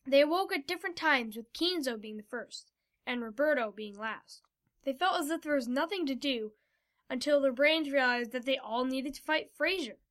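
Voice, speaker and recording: A woman's voice: sits high, moderate pace, a bit bright. A woman reading a fantasy story aloud as narrator.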